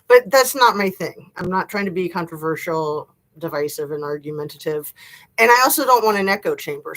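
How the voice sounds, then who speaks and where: A woman's voice: fairly low pitch, low-quality recording. A middle-aged woman chatting casually to viewers on a live stream from her home, rambling and laughing often. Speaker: YouTube live-stream host. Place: home room.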